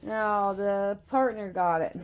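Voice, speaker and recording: A woman's voice: mid-range voice, slow pace, background noise. A woman at home chatting casually while filming her cats, laughing often and cooing at her pets. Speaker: pet vlogger. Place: at home, indoors.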